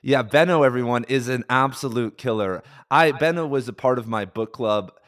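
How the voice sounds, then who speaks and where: A man's voice: medium pitch, moderate pace, fairly bright tone, dry recording, clean studio sound. A man hosting a casual podcast interview, talking in an enthusiastic, slangy, hyped-up way. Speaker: podcast host.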